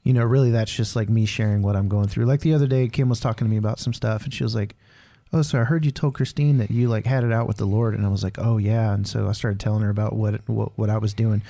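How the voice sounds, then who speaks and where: A candid man talks through his thoughts on a podcast in a mellow, warm voice. He rambles and leans heavily on casual fillers. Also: fairly low pitch, fairly even intonation, quick pace, gravelly, hardly any pauses. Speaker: podcast co-host. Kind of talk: casual faith conversation.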